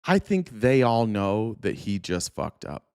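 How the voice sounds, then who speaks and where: A man's voice: lowish voice, very animated, measured pace, darkish tone, clear, resonant tone, dry recording, clean studio sound. A man hosting a podcast, commenting on news clips in a blunt, sarcastic way and swearing freely. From Arizona, USA. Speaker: podcast host.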